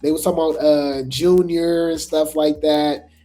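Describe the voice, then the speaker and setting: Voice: mid-range voice, steady tone, moderate pace, mellow, faint music behind. A host giving casual commentary, rambling with lots of fillers, repeated words and chatty asides to viewers.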